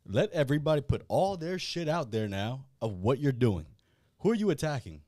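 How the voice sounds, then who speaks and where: A man, hosting a casual podcast and talking in a blunt, profane, animated way. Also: medium pitch, normal speed, no echo, studio quality. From South Louisiana. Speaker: podcast host.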